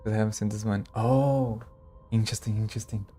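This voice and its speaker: A male streamer chatting casually with his viewers while he plays, talking low, quiet and gravelly, and laughing often. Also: steady tone, faint music behind. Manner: speaks low and quiet, gravelly, like a movie vigilante; slow, laughs often, talks to chat. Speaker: streamer playing a game. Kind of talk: casual live-stream chat.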